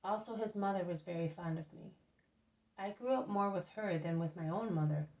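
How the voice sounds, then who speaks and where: A woman's voice: fairly low pitch, moderate pace, a little mellow, muffled recording, close to an everyday voice. A woman voicing an earnest, devoted young man who pleads to follow his cousin, in a storybook reading. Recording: roomy echo, mic at a distance.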